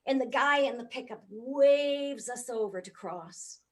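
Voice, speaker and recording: A middle-aged woman from the United States giving a comic, animated keynote talk. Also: fairly high pitch, measured pace. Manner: animated, comic, swoops up for punchlines. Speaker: motivational speaker.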